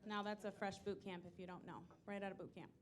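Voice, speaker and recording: This stand-up set has a woman in her thirties poking fun at herself through animated stories, with the audience laughing in a live room. She speaks quickly at a medium pitch.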